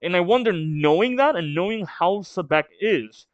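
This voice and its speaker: Animated man reading manga aloud. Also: high-pitched, moderate pace, clear, resonant tone, no echo, dull audio. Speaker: manga reaction video host.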